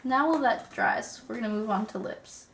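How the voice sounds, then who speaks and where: A woman's voice: a little high, moderate pace, fairly bright tone. Young female vlogger, sniffly, self-mocking and sweary, recorded in an echoey room with faint background hiss. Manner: self-deprecating, swears casually, drifts into mutters. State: sniffly, getting over an illness. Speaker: beauty vlogger. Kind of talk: casual chat while doing makeup.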